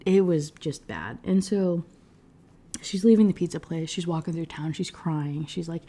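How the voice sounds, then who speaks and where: Female book reviewer, casual sarcastic rant delivery, profane, warm and relaxed tone. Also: mid-range voice, normal speed. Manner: profane, animated, sarcastic retelling with quoted voices.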